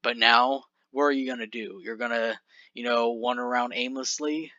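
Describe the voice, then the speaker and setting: A man's voice: medium pitch, steady tone, moderate pace, bright, forceful tone, no room sound, lo-fi sound, lightly acted. A man voicing a bitter, ranting wrestler. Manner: aggrieved, ranting. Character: bitter, fed-up male wrestler griping to his partner.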